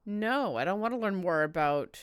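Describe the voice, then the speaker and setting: A woman plays through a story game, giving chatty, wry let's-play commentary, talking to herself and the game and swearing casually. Her medium-pitched voice is animated, clear and resonant, at normal speed, in a dry recording.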